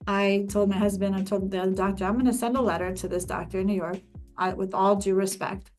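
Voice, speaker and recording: Animated woman host telling a personal story. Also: medium pitch, brisk, soft background music. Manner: animated, emphatic storytelling with many restarts. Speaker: podcast host. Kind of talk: personal story in casual conversation.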